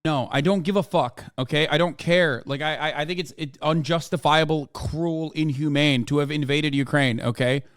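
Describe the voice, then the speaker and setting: A man's voice: on the high side, fairly even intonation, normal speed, few pauses. Sarcastic, profane streamer man. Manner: profane, sarcastic, swings loud when mocking. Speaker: streamer reacting to a video. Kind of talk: casual live-stream commentary.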